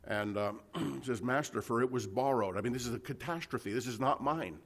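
A man's voice: medium pitch, normal speed, a bit bright. A man preaching a conversational sermon, reading scripture aloud and explaining it to a live congregation. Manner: conversational Bible teaching, frequent restarts and "right?" checks.

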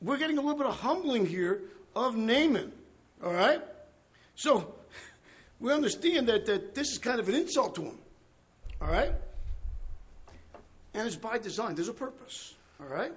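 A man preaching a conversational Bible study, animated and chuckling, often checking in with the listeners. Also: very high voice, normal speed, pauses often. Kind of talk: conversational sermon.

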